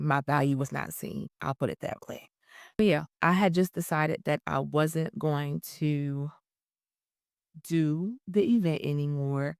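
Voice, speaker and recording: A woman's voice: deep voice, darkish tone, no echo. A young woman vlogging earnestly about her own feelings, sometimes close to tears. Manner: earnest, emotional, self-affirming. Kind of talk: personal reflective vlog.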